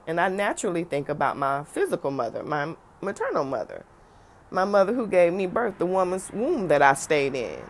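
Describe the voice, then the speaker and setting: Woman, low voice, middle-aged, animated storytelling monologue, faint background noise. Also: normal speed. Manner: animated, acts out other people's voices.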